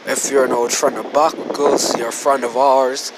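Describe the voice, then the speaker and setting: A man's voice: mid-range voice, little pitch movement, moderate pace, noisy background, close to an everyday voice. A man voicing a naive, friendly teen boy. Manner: cheerful, naive. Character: friendly, dim young male classmate.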